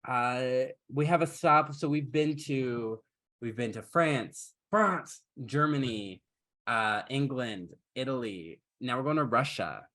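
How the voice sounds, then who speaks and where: A man of middle pitch hosts a podcast in loose, casual chat. His storytelling is wry and sarcastic, and he swears freely. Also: slow pace, pushed and bright. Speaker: podcast host.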